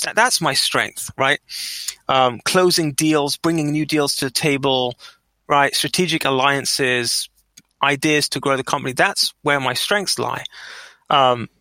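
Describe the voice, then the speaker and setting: A man's voice: no room sound, low-quality recording. A middle-aged man, a business owner, telling stories in an interview and acting out the dialogue. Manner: animated, acts out quoted dialogue with rising pitch. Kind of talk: storytelling interview answers.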